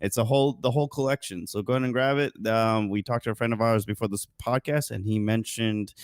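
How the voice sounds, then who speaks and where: A man's voice: fairly low pitch, steady tone, fast, smooth, no room sound, clean studio sound. A man co-hosting a casual podcast, rambling through news with frequent fillers and self-corrections. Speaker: podcast co-host.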